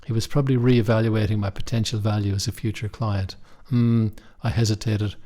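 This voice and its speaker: Low-voiced man narrating a story. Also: flat delivery, mellow. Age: young adult. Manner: measured, wry, first-person storytelling. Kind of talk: scripted audiobook narration.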